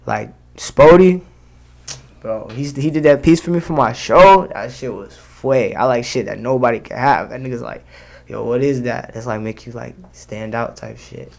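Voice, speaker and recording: A man's voice: medium pitch, normal speed, gravelly. A young man, a rapper, talking casually in an interview, full of slang and fillers. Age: young adult. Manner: slangy, loose, many fillers. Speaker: rapper guest.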